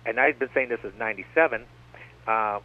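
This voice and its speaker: A man's voice: medium pitch, fairly quick. Man, rambling radio guest, keeps circling back, tinny phone-line broadcast. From United States. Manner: rambling, digressive, repeats "like I said".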